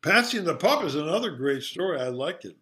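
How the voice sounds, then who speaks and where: An older man, an interview guest, retelling a children's story in a halting, casual way with many fillers. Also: on the high side, big pitch swings, sharp tone.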